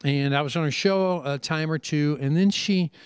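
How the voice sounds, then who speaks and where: A middle-aged preacher speaks on a conference panel, his voice sitting a little high for a man. He tells stories in a lively way and acts out the people in them. The sound is close and dry, with no room echo. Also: normal speed, clear, resonant tone. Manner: lively storytelling, acting out quoted people. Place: conference seminar session.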